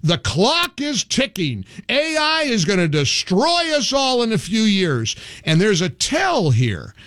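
A man hosting an opinionated political talk show, talking in an emphatic, animated way with frequent restarts. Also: high-pitched, takes it slowly, no room sound.

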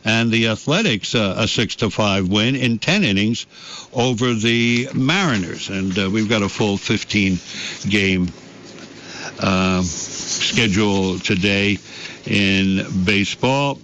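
A man's voice: on the low side, slow pace, fairly bright tone, a little hiss or hum. A man hosting a morning radio sports report, reading scores in a folksy, rambling way with many fillers. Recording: dull lo-fi broadcast.

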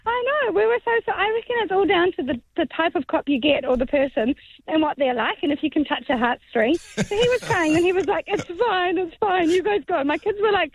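A woman's voice: very high voice, expressive, fast, creaky. A woman calling into a radio show and telling a chatty story. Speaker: caller. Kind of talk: phone-in anecdote. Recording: tinny phone line.

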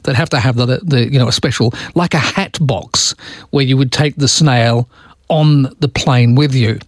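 A man's voice: mid-range voice, normal speed, dry recording, clean studio sound. A male radio host in a casual, amused chat, tossing out rhetorical questions.

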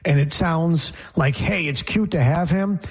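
A man with a slightly high, husky voice hosts a sports talk show. He talks casually and with opinion, reading the schedule and arguing his points. The delivery is animated and chatty. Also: unhurried. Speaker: sports radio host.

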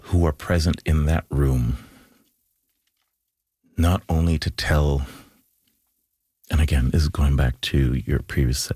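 A man's voice: rumbling low, fairly even intonation, takes it slowly, long pauses, mellow, husky, dry recording. A man, an actor, talking thoughtfully in a radio studio interview, often restarting and reciting lines with feeling. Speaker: actor, guest.

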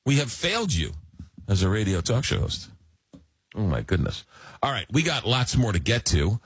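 A man hosting a radio talk show, joking and animated, repeating words as he gets going. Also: fairly low pitch, breathy edge, no echo. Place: radio studio.

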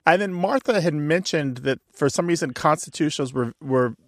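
A man co-hosting a radio show, talking in an animated, bookish way. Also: fairly high pitch, moderate pace, no echo, studio quality. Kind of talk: conversational radio talk and show credits.

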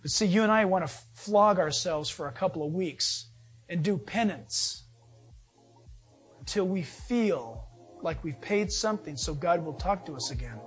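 A man pastor preaching an animated, conversational sermon with asides. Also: high voice, unhurried, breathy edge, soft background music.

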